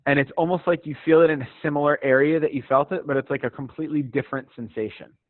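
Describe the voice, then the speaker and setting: A man's voice: on the high side, quick pace, dry recording. Encouraging male stretching instructor on a call. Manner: relaxed, encouraging, chatty with small laughs. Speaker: fitness instructor. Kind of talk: live guided stretching class. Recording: dry tinny phone-like sound.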